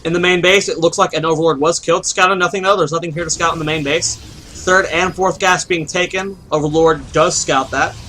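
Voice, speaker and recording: Casting a strategy game match alone, this esports commentator explains the action in a chatty way, frequently reasoning aloud and asking himself questions. His fairly high voice is pushed and bright with fairly even intonation, and he talks a little fast. The rough recording carries a little hiss or hum.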